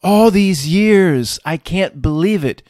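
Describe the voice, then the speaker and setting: A man's voice: sits high, animated, slow, no room sound, clean studio sound, pitched above the performer's own voice. A man putting on a ranting Frenchman. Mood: mocking rant. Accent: mock French. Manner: loud exaggerated imitation. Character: bitter ruined Frenchman, aging ex-dandy.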